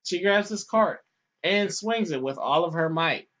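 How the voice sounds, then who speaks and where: A man in his thirties casually telling a long story on a podcast, animated, with many restarts and acted-out quotes. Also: high voice, unhurried. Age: 30s. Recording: dull lo-fi podcast audio.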